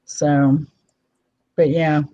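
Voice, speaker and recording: A woman with a Midwestern American accent hosting a casual live-stream chat, talkative and quick to laugh. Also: low voice, flat delivery, dark tone, dull audio. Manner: chatty, laughs often. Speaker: host.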